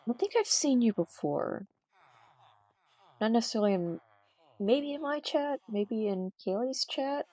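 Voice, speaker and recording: A woman streaming a game live, chatting casually with her chat and teasing them in a dry, deadpan way. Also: a little high, a little slow, long pauses.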